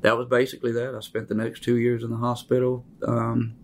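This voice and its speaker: Guy in his 40s, gravelly lowish voice, lots of ums and restarts, faint hum behind. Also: monotone. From Mississippi, USA. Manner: halting, many fillers and restarts. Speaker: guest telling his life story. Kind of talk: reflective personal storytelling.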